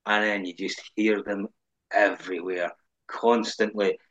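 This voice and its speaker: A man's voice: lowish voice, fairly even intonation, a little slow, fairly bright tone. A man joining a podcast video call as a supporter, talking in a blunt, sweary, emphatic way. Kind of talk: casual chat on an online call. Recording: muffled lo-fi online call audio.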